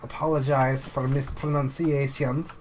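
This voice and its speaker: A man's voice: mid-range voice, level tone, measured pace, very noisy. Chatty man streaming a video game. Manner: chatty, self-mocking, talks to chat. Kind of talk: casual gameplay commentary.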